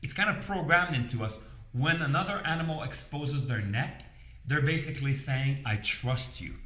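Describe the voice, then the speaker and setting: This man's voice sits on the high side, pushed and bright, at normal speed with a roomy sound. In a conversational advice talk to camera, he coaches business owners, repeating phrases and checking in with "okay?" and "you understand?"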